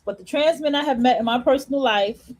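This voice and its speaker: A woman with a high, bright voice delivers an unscripted opinion monologue as a host. She is blunt and profane, laughs at her own points and repeats phrases to hammer them home. She slows down and draws words out when she wants them to land. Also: low-quality recording. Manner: repeats phrases for emphasis, drawing words out slowly.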